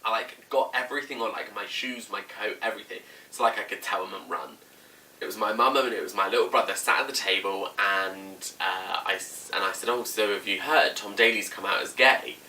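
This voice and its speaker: A young male vlogger with a somewhat low, sharp voice talks a little fast as he casually tells a personal story to camera. He's chatty, says "like" constantly, and acts out quotes. The mic sits slightly distant, with faint room noise.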